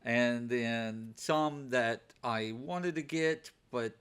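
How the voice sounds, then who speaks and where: A man of middle pitch talks slowly and casually, showing items to the camera. He hesitates a lot, fills gaps with "uh" and "um", and often says the same word twice before going on. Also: a bit bright, clear, resonant tone. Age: adult working overnight shifts. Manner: hesitant, many fillers and repeated words. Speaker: comic book vlogger. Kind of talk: casual unscripted show-and-tell.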